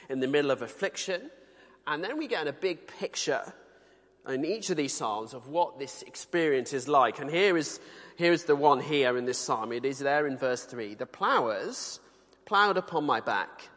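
A male preacher from the UK delivers a sermon, talking in an easy, conversational way that stays earnest. He slows down whenever he reads scripture aloud. His voice sits a little on the high side, and it carries a long reverb from a large hall. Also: animated, fairly bright tone. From United Kingdom.

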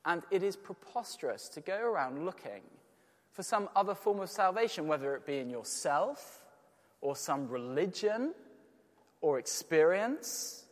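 A man's voice: a little high, very animated, unhurried. A man preaching a sermon, earnest and emphatic, with rhetorical questions. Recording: long church reverb.

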